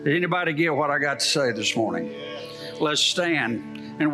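A man's voice: on the high side, expressive, moderate pace, over music. A middle-aged male pastor preaching a sermon, telling a story and asking the congregation rhetorical questions.

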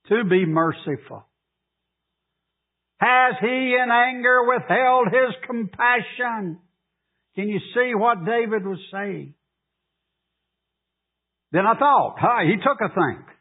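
... high-pitched, animated preacher on tinny radio. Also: male voice. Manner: preaching, rising to emphatic high pleas, drawn-out delivery. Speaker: pastor. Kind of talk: sermon. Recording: tinny phone-like radio broadcast.

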